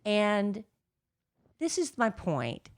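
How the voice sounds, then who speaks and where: A woman's voice: mid-range voice, wildly swooping pitch, very slow. A middle-aged woman co-hosting a podcast, rambling and gossipy in casual chat, with lots of fillers. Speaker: podcast co-host.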